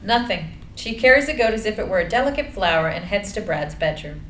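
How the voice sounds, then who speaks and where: A woman narrating the action lines of a screenplay reading in a measured, plain way. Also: medium pitch, animated, a bit bright. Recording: echoey room, light noise.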